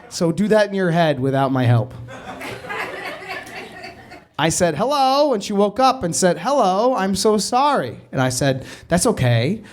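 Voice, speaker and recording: Rambling comic storyteller, man. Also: high-pitched. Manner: rambling, self-interrupting, laughing through the telling. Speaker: comedian telling a story on a podcast. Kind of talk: stand-up style comic storytelling.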